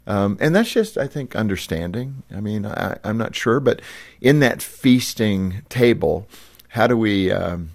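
Man, very deep voice, radio host, thoughtful halting questions, dry close sound. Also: animated, vocal fry, no room sound. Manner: warm affirming interjections, thoughtful, halting questions. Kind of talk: faith radio interview.

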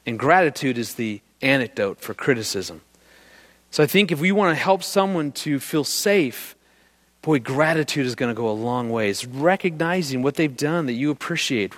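A middle-aged man presents on marriage in a fairly high, animated voice. He tells stories with gusto and keeps drawing the audience in with questions. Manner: animated storyteller who quizzes the audience. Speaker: marriage speaker giving a presentation. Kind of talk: live talk to an audience.

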